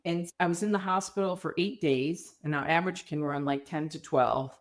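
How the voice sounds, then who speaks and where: A middle-aged woman, a podcast guest, telling her story candidly and acting out the quoted dialogue with lively voices. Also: deep voice, normal speed. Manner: animated, acts out quoted dialogue.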